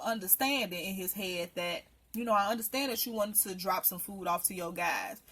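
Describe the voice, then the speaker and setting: A woman recapping a reality TV episode in casual commentary, blunt, profane and indignant. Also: fairly high pitch. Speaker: reality TV reviewer.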